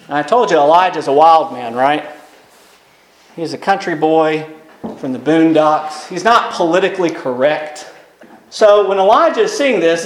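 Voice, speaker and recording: Male preacher, high voice with a very lively pitch, folksy animated sermon storytelling. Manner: animated, folksy Bible retelling. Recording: roomy echo.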